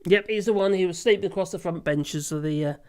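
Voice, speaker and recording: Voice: medium pitch, fast, darkish tone, clear, resonant tone. A casual livestream host, who rambles, laughs often and swears freely while reading viewer comments. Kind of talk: casual live chat.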